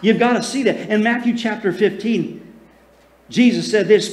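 A man preaches a sermon in a fairly high voice, in a roomy church that echoes. He calls out for answers from the congregation and shifts between booming emphasis and slow, hushed lines. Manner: preaching with calls for audience response; swings between loud emphasis and soft, slow passages. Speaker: pastor. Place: church sanctuary. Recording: echoey room.

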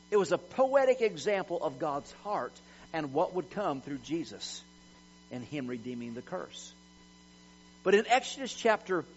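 A middle-aged male pastor preaching a sermon with emphasis, acting out quotes with swagger. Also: high-pitched. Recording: dull lo-fi sound with mains hum.

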